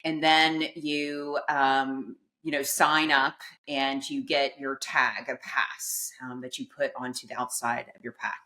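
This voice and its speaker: A middle-aged woman speaks in a low register, taking her time as she tells a personal story. Her tone is bright and forceful. She acts out the quoted lines and laughs at herself along the way. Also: flat delivery, slow pace, hardly any pauses. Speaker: podcast guest.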